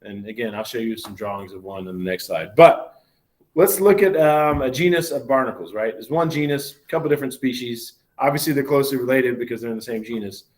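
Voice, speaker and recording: A man's voice: medium pitch, a little fast. A man, a biology professor giving a recorded university lecture in a conversational way, often asking "right?" and correcting himself mid-sentence. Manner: conversational, many fillers and self-corrections, asks "right?" often.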